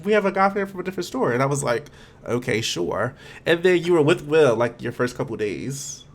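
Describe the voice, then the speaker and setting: A young man from Philadelphia with a Philly accent, a podcast guest telling stories fast and bluntly in casual chat. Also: a little high. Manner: talks fast and blunt, animated storytelling.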